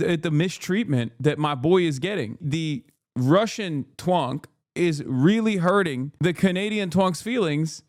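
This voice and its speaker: Guy streamer going off, swears a lot, sarcastic jokes, higher voice, dry close sound. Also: a little slow, dry recording. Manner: profane, animated ranting; joking, sarcastic. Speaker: livestream host. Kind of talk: casual livestream commentary.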